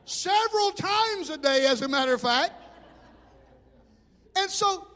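A man preaching a sermon as pastor, telling animated stories. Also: extremely high pitch, unhurried. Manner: animated storytelling with shouted impressions. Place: church hall. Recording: hall reverb.

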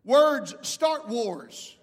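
A middle-aged male pastor preaching a sermon, calling out to the congregation and rising into shouts. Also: very high voice, sing-song, extremely slow, in a large hall. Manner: preaching with call-outs to the congregation.

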